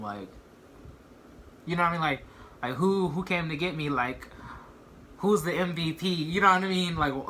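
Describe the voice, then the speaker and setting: A man's voice: a little high, bright, forceful tone, slight background noise. A young man vlogging a casual storytime, rambling and filling his sentences with "like" and "you know what I mean.".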